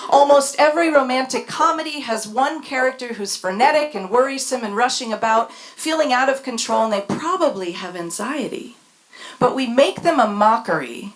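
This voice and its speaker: A woman's voice: on the high side, a little hiss or hum. A woman reading her own personal essay on a stage in front of a live audience, with a wry, emphatic delivery. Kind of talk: spoken essay read on stage.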